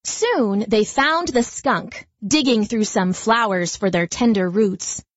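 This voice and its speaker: A woman narrating a children's story in a gentle, lively storytelling manner. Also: mid-range voice, takes it slowly, dry recording, dull audio.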